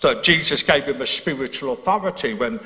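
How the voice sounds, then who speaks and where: Lively bright-voiced man preaching in a hall. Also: medium pitch, fairly quick. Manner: earnest, explanatory, with frequent restarts. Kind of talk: sermon. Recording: long hall reverb.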